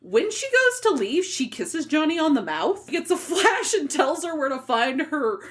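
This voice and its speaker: A woman's voice: sits high, very animated, a little slow, fairly bright tone. A young woman co-hosting a casual book podcast, recapping chapters in a chatty way with plenty of "like" fillers and casual swearing. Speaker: podcast co-host.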